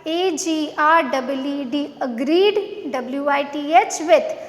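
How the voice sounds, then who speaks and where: A teacher with a high voice goes over a lesson slowly with young children, spelling words letter by letter and asking simple questions. The room is echoey with long reverb.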